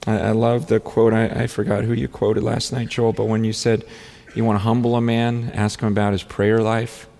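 Earnest male pastor preaching to an audience in a large hall, halting restarts, long reverb trailing each phrase. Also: lowish voice, flat delivery, vocal fry, dark tone. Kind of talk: sermon.

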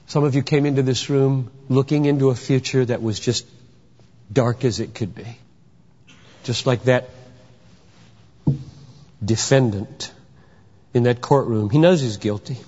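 A man preaching a sermon with emphatic delivery, firing off rhetorical questions and sometimes shouting for effect. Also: mid-range voice, unhurried, long pauses. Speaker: pastor. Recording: dull sound with long hall reverb.

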